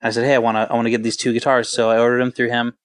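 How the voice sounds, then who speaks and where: Man in his 40s, musician guest, talks in a flat, level tone, smooth voice, dry close sound, loose and rambling. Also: mid-range voice, rapid-fire, dry recording. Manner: rambling, laid-back, full of filler words. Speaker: touring band guitarist. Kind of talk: casual interview storytelling.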